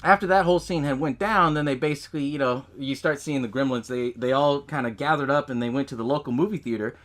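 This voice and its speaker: A podcast host casually recaps a film's plot, swearing often, laughing along and acting out movie lines. His voice is medium-pitched and fairly bright, and he talks at a quick pace in a laid-back way.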